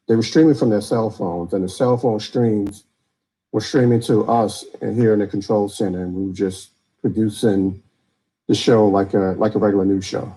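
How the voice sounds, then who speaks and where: Male show producer; lowish, warm voice, stop-start explaining. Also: low-quality recording. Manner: halting, with many restarts and fillers. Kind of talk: casual explanation. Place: control center.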